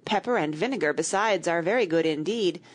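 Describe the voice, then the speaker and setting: A woman voicing a smug, gluttonous old walrus in a storybook, with a sing-song, overly sweet manner and a breathy tone. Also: on the low side, a little fast, lightly acted. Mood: sweetly sly.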